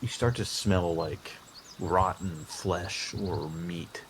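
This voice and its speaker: A man narrating a tabletop game as game master, describing scenes in a halting way with many fillers. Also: deep voice, fairly even intonation, a little hiss or hum.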